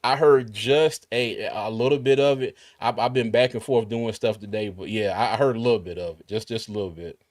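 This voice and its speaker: A man's voice: fairly low pitch, a little fast, hardly any pauses, a little mellow, dry recording, clean studio sound. A man hosting a casual livestream, chatting and reading viewer comments aloud with frequent restarts. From Carolinas, US. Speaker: livestream host.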